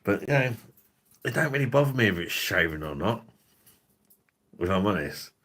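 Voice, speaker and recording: A man's voice: fairly low pitch, big pitch swings, normal speed, fairly bright tone. A man, hosting a drinks review livestream in a rambling, profane, laughing way. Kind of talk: casual livestream chat.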